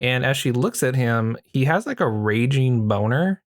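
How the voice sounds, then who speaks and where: Male podcast host, casual crude movie recap, average pitch, dry booth-like mic. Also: lively intonation, normal speed, dry recording. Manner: crude, joking retelling with acted quotes.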